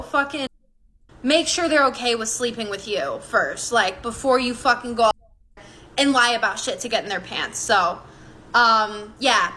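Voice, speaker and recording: A woman's voice: a little high, sharp tone, low-quality recording. A woman ranting in an irritated tone, swearing heavily. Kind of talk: social media rant.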